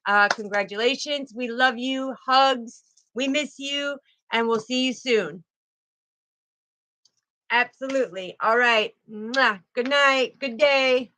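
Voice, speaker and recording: A woman's voice: on the high side, slow pace, pushed and bright, rough recording. A middle-aged woman, hosting a casual spiritual livestream, effusive and protective as she greets her viewers by name.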